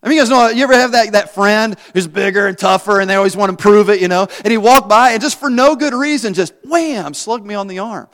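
Animated preaching man in a reverberant hall. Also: sits high, fast talker, few pauses. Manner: animated, swings from soft asides to loud bursts. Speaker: pastor. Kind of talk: sermon storytelling.

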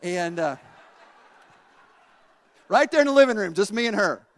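Male preacher, high voice, animated folksy storyteller, reverberant sanctuary. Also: unhurried. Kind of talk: sermon.

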